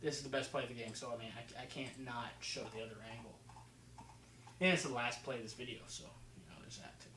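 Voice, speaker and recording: A man's voice: medium pitch, fast, pushed and bright, echoey room, a little hiss or hum, poor audio. A man from New Jersey with a slight New Jersey accent, casually talking over football game film, rambling with fillers and restarts. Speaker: football film breakdown host.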